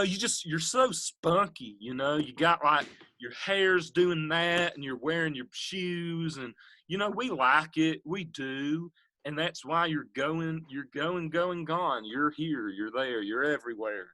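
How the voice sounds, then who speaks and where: A man's voice: fairly high pitch, pushed and bright, a little hiss or hum, pitched above the performer's own voice. A man doing an impression of a laid-back older male soul singer who rambles with lots of fillers. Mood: mellow, flattering. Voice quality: smooth, drawn-out, filler-heavy delivery.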